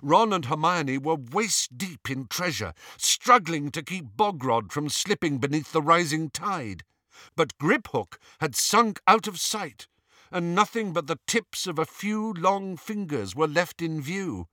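A man's voice: a little high, sing-song, a little slow, bright, forceful tone, no echo, studio quality. A man narrating a fantasy story aloud in a dramatic, suspenseful way. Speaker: audiobook narrator.

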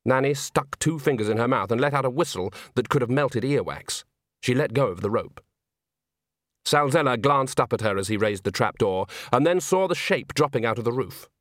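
Male narrator, expressive comic storytelling, middle pitch, dry studio feel. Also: normal speed, dry recording. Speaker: audiobook narrator. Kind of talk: scripted narration.

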